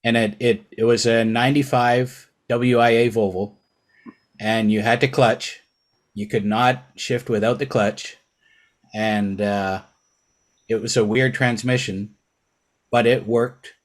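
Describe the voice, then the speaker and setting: A man hosting a podcast, relaxed and telling his own stories in a casual chat. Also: medium pitch. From Canada. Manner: relaxed, recounts personal stories. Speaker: podcast host.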